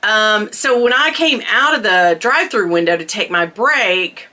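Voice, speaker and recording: A middle-aged woman vlogger telling a storytime, chatty and animated, laughing often. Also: medium pitch, a little slow. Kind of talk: storytime chat.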